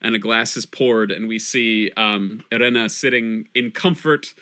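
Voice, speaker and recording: A man's voice: fairly low pitch, steady tone, a little slow, sharp tone. A man narrating a live tabletop game as game master, describing scenes like camera shots, with frequent fillers and restarts.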